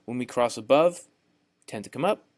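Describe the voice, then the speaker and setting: A man's voice: mid-range voice, lively intonation, a little fast. A young man with a Southern US accent, teaching a trading course over a screen share, folksy and repetitive, often checking in with "right?". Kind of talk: screen-share tutorial narration.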